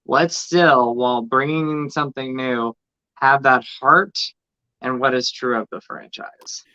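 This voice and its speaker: Earnest male co-host, bright crisp voice, muffled lo-fi mic. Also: medium pitch, fairly even intonation, unhurried. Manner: earnest, hesitant, restarts often. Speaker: podcast co-host. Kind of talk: casual livestream chat. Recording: dull lo-fi mic.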